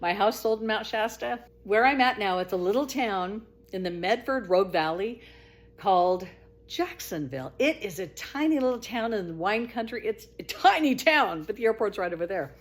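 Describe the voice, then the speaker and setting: At a moderate pace, a middle-aged woman relates her own experience in a casual, animated way. She punctuates it with laughter, shifting between high exclaimed quotes and quiet low murmurs.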